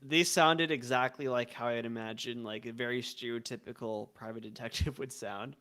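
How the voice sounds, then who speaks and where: A man's voice: mid-range voice, fairly even intonation, moderate pace, sharp tone. A man co-hosting a casual podcast, talking about a game in an easygoing way, often laughing and restarting his sentences. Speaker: podcast co-host.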